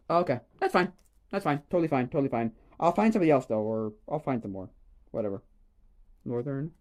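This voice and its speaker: A man on a casual livestream, rambling and exclaiming excitedly as he opens trading cards. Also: mid-range voice, brisk, long pauses. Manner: excitable, rambling, exclaims over each card. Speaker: streamer opening a card pack.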